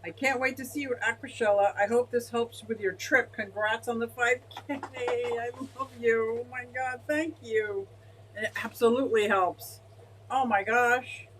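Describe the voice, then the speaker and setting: Woman streamer, excitable and gushing, casual live chat, faint background hum. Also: on the high side, moderate pace, low-quality recording. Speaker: aquarium fish-keeping streamer.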